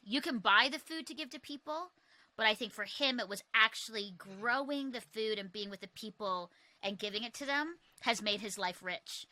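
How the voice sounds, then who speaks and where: Bright, lively woman host. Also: on the high side, no room sound. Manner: lively storyteller, laughs easily. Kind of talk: casual chat.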